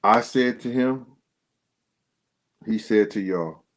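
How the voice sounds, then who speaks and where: A man's voice: slow, low-quality recording. A man hosting a casual livestream, talking loosely and in slang straight to his viewers, his voice jumping up when he gets worked up. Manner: pitch jumps up sharply when worked up. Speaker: livestream host.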